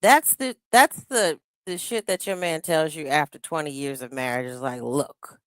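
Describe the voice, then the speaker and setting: A woman's voice: low-pitched, normal speed, a bit bright, clean tone, no echo, studio quality. A woman hosting a live-stream reaction, talking casually and bluntly, cussing and greeting viewers in the chat.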